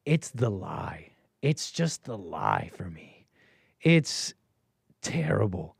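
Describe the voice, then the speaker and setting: A man's voice: medium pitch, very animated, takes it slowly, gravelly, no room sound, clean studio sound. A man hosting a live stream, reacting to a video clip in casual, sarcastic and rambling commentary that often repeats itself.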